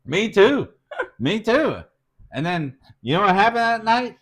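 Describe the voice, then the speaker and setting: Animated man telling a wild story. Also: unhurried. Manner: animated, swearing, acts out quotes with big pitch jumps. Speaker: live stream host. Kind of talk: casual storytelling chat.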